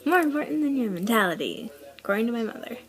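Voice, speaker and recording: On a rough recording, a woman of eighteen talks fast in a sing-song voice on the high side. She's vlogging a personal story in a loose, chatty way, saying "like" constantly and dropping to a whisper for quoted lines.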